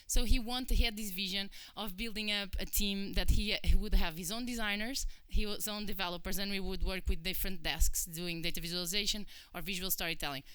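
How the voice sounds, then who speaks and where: A Portuguese-accented woman in her thirties tells her career story to a conference audience, chatty and full of fillers, acting out what others said. Her voice is bright and very clear. The sound is dry and close. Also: mid-range voice, a little fast, few pauses, no room sound. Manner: chatty, animated, acts out quoted voices, many fillers. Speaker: conference speaker. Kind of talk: personal talk to an audience.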